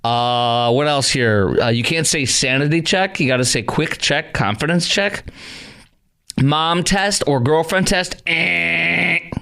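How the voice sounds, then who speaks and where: A man's voice: on the high side, slow pace, vocal fry, sharp tone. Scoffing middle-aged male radio host. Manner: sarcastic, exasperated, scoffing. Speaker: radio talk show host. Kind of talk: call-in talk radio monologue.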